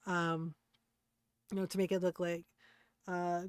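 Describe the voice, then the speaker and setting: A woman's voice: on the low side, flat delivery, slow pace, music in the background. A young woman streamer chatting casually and rambling a little as she shows off her game.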